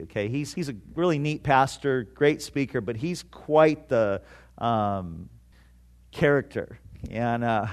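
A man preaching a sermon to a congregation, emphatic, with dramatic pauses and repeated phrases. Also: mid-range voice. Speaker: pastor.

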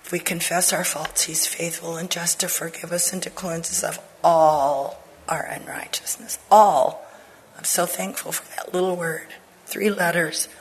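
Older lady bible teacher, husky voice, sharing her story, goes soft and whispery at times. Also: on the low side, steady tone, unhurried, poor audio. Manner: earnest storytelling, drops to soft whispers for emphasis. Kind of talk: personal testimony in a women's Bible teaching.

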